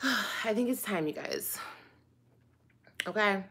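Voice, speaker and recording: A woman hosts her own video, talking straight to her viewers in a casual, theatrical monologue. She takes her time, stretching out her words. Her tone is bright and forward. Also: mid-range voice, expressive, slightly rough. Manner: dramatic, drawn-out, talks straight to the viewers. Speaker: online video host.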